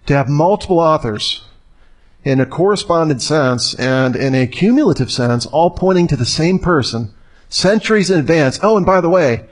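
Conversational man telling a story. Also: medium pitch. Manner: conversational, storytelling, rhetorical questions. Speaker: speaker. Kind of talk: talk to a live audience.

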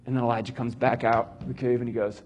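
A man's voice: mid-range voice, flat delivery, fast talker, a little mellow, a little hiss or hum. A middle-aged man teaching about reading Scripture in a conversational way, acting out the people he quotes. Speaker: Bible teacher.

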